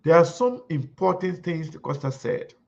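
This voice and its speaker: Male host, gravelly fry, rambles while searching for a clip; dull recording. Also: a little high, sing-song, normal speed, darkish tone. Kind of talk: political commentary.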